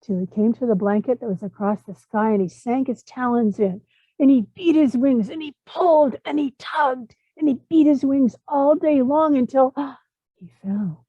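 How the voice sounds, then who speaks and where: A woman telling a traditional animal tale aloud, lively and rising for the exciting parts. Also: medium pitch, breathy edge, dry recording. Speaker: storyteller. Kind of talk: oral storytelling. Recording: tinny phone-like line.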